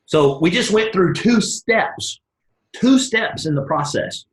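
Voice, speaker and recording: A man's voice: sits high, takes it slowly. Upbeat man running a team call, folksy, plays out mock dialogues, roomy echo. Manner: energetic, folksy, acts out both sides of dialogues. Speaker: network marketing team leader. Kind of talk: live motivational coaching call.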